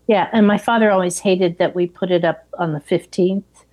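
A middle-aged woman in casual chat, calmly retelling a film and sharing memories of the past. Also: on the low side, normal speed.

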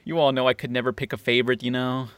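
A man chats loosely on a podcast, swearing and joking as he rambles through listener questions. His voice sits at a middle pitch, recorded close and dry with no room sound. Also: little pitch movement, racing, fairly bright tone, clear, resonant tone, dry recording. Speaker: podcast host reading questions. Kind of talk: casual podcast chat.

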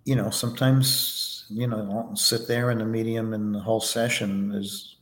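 A man as a podcast guest, answering interview questions in a relaxed, anecdotal way with many fillers. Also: on the low side, normal speed, echoey room. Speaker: podcast guest, foundation vice president.

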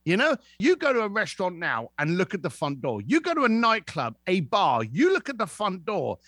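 A man's voice: high-pitched, moderate pace, dry recording, clean studio sound. A man telling anecdotes as a podcast guest, acting out the voices of the people in them. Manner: lively, acts out voices in anecdotes. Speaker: guest, author. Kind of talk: animated storytelling.

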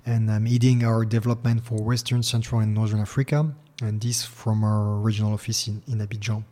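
Formal man speaking in a flat monotone. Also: lowish voice. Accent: French. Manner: measured, formal, with frequent fillers and repeated words. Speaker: regional head at a public investment bank. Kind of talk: business interview.

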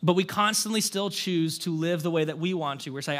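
A male pastor with a fairly high pitch preaches briskly, barely pausing, in a conversational sermon. He narrates with animation, leaning on rhetorical questions and a casual, recurring "like."

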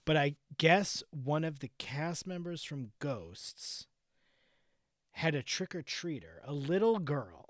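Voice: medium pitch, lively intonation, slow, no echo, clean studio sound. A podcast co-host in casual chat, ranting incredulously and swearing freely.

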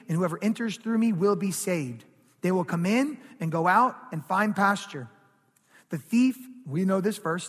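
Animated high-voiced pastor preaching. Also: male voice, husky, in a large hall. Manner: animated preaching with call-and-response asides. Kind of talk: sermon.

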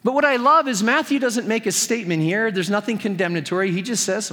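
A man's voice: sits high, animated, a little fast, few pauses, sharp tone, in a large hall. A man preaching a sermon as pastor, conversational and earnest with touches of humor.

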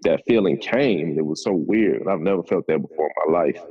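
Deep, mellow man telling his story. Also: normal speed, breathy edge, lo-fi sound. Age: 30s. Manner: laid-back, conversational, drawling. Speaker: podcast guest. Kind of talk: casual storytelling.

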